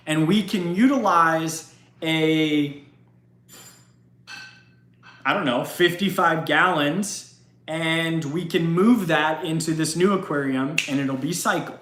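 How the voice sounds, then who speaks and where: Man, live stream host, chatty, laughs a lot, fairly high voice, echoey room. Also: slow pace, long pauses, fairly bright tone. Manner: chatty, laughs often, rambling. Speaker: livestream host. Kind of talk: casual live Q&A chat. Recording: roomy echo.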